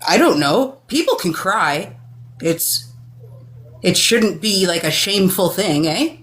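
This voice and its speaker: A woman's voice: mid-range voice, lively intonation, slow pace, fairly bright tone. A woman on a live stream panel, talking casually with many fillers and plenty of swearing. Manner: chatty, many fillers, profane. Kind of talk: casual chat.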